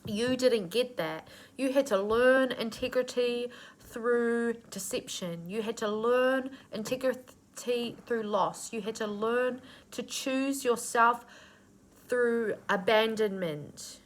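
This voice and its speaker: Slow, nurturing New woman reader. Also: fairly high pitch. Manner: earnest and nurturing, with casual swearing. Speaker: intuitive reader. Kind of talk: channeled spiritual reading.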